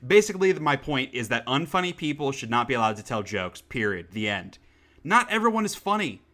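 A man hosts a casual podcast with a bright, forceful tone. He is sarcastic and opinionated and swears freely. His delivery is chatty and full of quick restarts. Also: medium pitch, sing-song. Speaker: podcast host. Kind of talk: casual chat.

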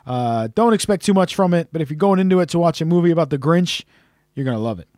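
A man co-hosting a podcast in casual chat, rambling and halting with many fillers and restarts. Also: on the high side, lively intonation, a little mellow, no echo, clean studio sound. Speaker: podcast co-host.

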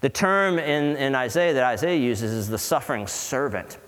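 Male pastor, sermon, earnest conversational delivery, mid-pitched voice, long hall reverb. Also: a bit bright. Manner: earnest, conversational, with dramatic pauses and voiced quotes. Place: church hall.

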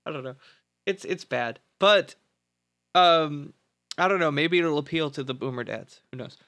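A man with a bright, forceful voice and a slightly raised pitch recaps a movie plot for a podcast. He chats casually, swears freely and laughs between lines. The sound is close and dry. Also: normal speed, no room sound. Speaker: podcast co-host. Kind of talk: casual movie review chat.

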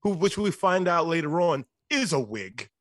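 A man's voice: fairly high pitch, very animated, normal speed, a crowd in the background. A man co-hosting a podcast, chatting casually and profanely about a movie and acting out scenes in quoted voices. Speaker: podcast co-host. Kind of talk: casual movie review chat.

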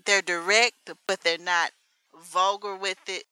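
A woman co-hosting a podcast, chatting in a relaxed, playful way and laughing often. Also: mid-range voice, unhurried, clean tone, no room sound. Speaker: podcast co-host. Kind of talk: casual chat.

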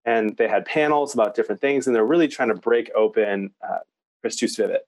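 A young man co-hosting a podcast, telling stories about ministry in casual, animated chat. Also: fairly low pitch, fairly quick. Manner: storytelling, animated. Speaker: podcast co-host, youth minister.

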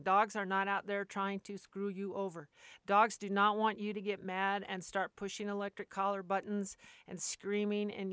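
Woman, dog trainer, casual rambling monologue, earnest, smooth clear voice, dry close recording. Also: medium pitch, a bit bright, no echo. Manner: rambling, earnest, with frequent restarts.

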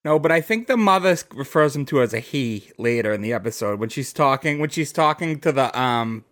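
Expressive man chatting casually. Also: medium pitch, brisk. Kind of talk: casual podcast chat.

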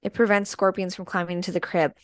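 A woman's voice: on the low side, level tone, quick pace, dry recording. Chatty squeamish woman from the Midwest. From American Midwest. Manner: chatty, squeamish, full of fillers. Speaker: podcast co-host. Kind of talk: casual chat.

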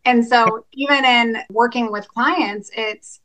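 A woman's voice: a little high, fairly even intonation, slow pace, hardly any pauses, fairly bright tone, rough recording. A woman hosting a podcast interview, enthusiastic and affirming toward her guest. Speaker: podcast host.

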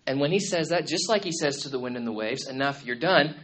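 A man's voice: a little high, animated, fast, fairly bright tone. Conversational male preacher, frequent check-ins. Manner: conversational, checks in often with "okay?" and "right?"; repeats words and restarts phrases. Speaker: pastor. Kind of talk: sermon. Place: room with a congregation.

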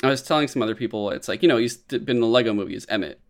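Male podcast co-host, eager fact-lister, halting casual delivery. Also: medium pitch. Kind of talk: casual chat.

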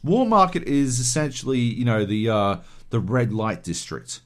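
A man's voice: medium pitch, very animated, moderate pace. A man co-hosting a podcast, ranting animatedly and swearing a lot in casual chat. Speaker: podcast co-host.

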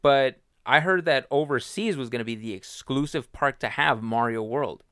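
A man chatting casually with friends, speaking at an everyday middle pitch. He hedges his points and then turns blunt and opinionated. The sound is dry and close. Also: normal speed, fairly bright tone, clean tone, no echo. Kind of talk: casual podcast chat.

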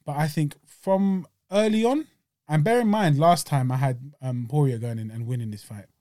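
A man's voice: fairly high pitch, normal speed, warm tone, no room sound. A young man talking fight talk on a podcast, in a laid-back, slangy way. His voice sits a bit above average, and the sound is dry and close with no room around it. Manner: laid-back, slangy, clears throat often. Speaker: podcast co-host. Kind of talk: casual sports chat.

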